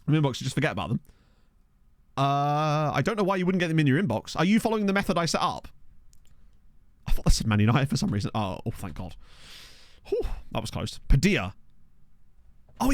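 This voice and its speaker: This casual gameplay commentary features a man playing a football management game on stream, excitedly reacting to each twist and addressing his chat. His voice swings widely in pitch, captured close and dry on a desk mic without any room echo.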